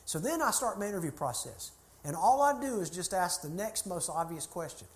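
A man's voice: sits high, expressive, fairly quick. A middle-aged man, a church consultant telling a folksy, chatty story to a group. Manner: folksy, chatty anecdotes with laughter.

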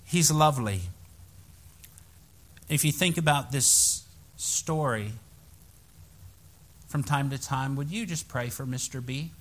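A male pastor preaching a sermon in a church, telling a story with animated, emphatic rises in his voice. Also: medium pitch, slow, long pauses.

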